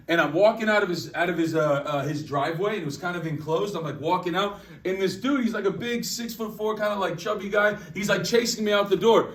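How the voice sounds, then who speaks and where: Man with a high voice, energetic sales trainer, repeats himself, roomy hall, distant mic. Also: a little fast, few pauses. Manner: energetic, repeats his phrases. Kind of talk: motivational training talk. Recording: echoey room, distant mic.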